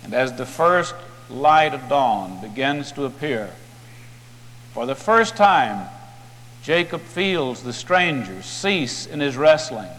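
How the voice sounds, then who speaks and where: Brief: male preacher, slow and dramatic storytelling, fairly high voice, long hall reverb. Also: animated, a bit bright. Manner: dramatic, vivid retelling.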